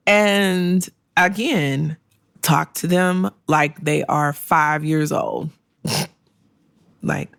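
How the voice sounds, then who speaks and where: A middle-aged woman talks straight into a close mic in a candid solo podcast, blunt and sassy. Her voice sits low with a gravelly fry, and the sound is dry and close. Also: steady tone, extremely slow, pauses often, a bit bright, no echo. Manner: blunt, sassy and conversational, with laughs and acted-out quotes. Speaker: podcast host and career coach.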